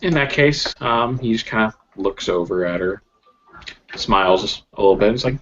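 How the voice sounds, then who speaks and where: A man's voice: lowish voice, moderate pace, fairly bright tone. A man narrating a tabletop role-play as game master, laughing often and talking with many fillers. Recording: dull lo-fi mic with faint noise.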